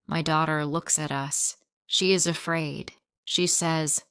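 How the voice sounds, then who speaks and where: A woman reads a graded English story aloud at a very slow, even pace, in a smooth, clear, slightly low voice. The recording is dry and close, with no room sound at all. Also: dry recording. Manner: slow, plain, evenly paced reading. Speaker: narrator.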